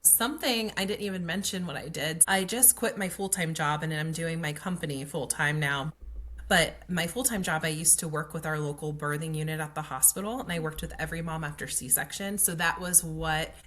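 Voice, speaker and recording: Woman in her thirties, lower-pitched voice, chatty storytelling, lots of fillers. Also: a little fast, a bit bright. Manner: chatty, frequent "like" fillers, acts out quoted dialogue. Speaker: guest, pelvic floor occupational therapist. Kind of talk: casual storytelling.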